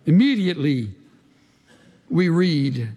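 Man preaching a sermon, gravelly husky voice, slightly high pitch, long church-hall echo, dramatic and emphatic. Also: sing-song, slow pace. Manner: dramatic, swings from emphatic to hushed. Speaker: pastor. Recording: long reverb of a large hall.

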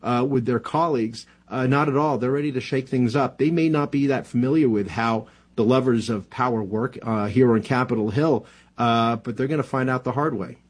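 With a breathy edge to his mid-range voice, a New Jersey man who works as a political commentator chats casually on the radio. He stumbles along with many fillers and restarts.

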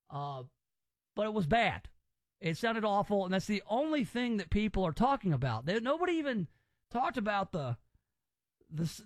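High-voiced opinionated man. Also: no echo. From Southern US. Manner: opinionated and rambling. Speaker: podcast host. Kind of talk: casual chat.

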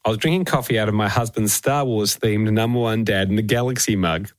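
A man co-hosting a casual comedy podcast, playful and quick to laugh, reading out listener messages. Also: lowish voice, no room sound. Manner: playful, laughs often, voice swings up and down. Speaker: podcast co-host. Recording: dry close-mic studio sound.

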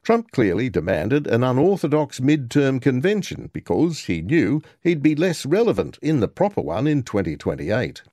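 A man's voice: mid-range voice, big pitch swings, moderate pace, few pauses, warm tone, dry recording, studio quality. A man narrating a scripted news report as a reporter, with wry, sardonic commentary.

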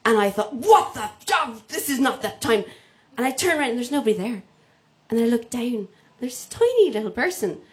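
A woman's voice: a little high, brisk. A woman telling a comic personal story live, acting out the voices of the people in it. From Ireland. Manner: comic, animated, acts out quoted voices.

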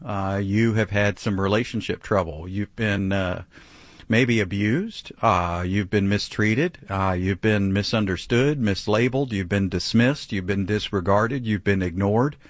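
A man's voice: lowish voice, unhurried, no room sound. A man hosting a live call-in radio show about faith, talking conversationally with frequent fillers. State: clearing his throat, choked up. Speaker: radio talk show host.

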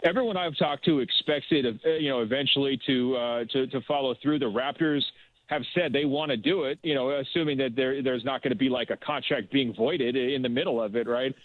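A man's voice: mid-range voice, a little fast, no room sound. Man talking over a tinny phone line. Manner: hesitant, many fillers and restarts. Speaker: sports writer guest. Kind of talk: phone-in radio interview.

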